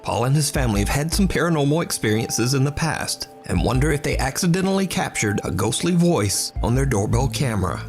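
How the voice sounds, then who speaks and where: A man narrating a compilation video in a measured, storytelling way. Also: mid-range voice, big pitch swings. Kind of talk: scripted narration. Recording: played clip with music behind.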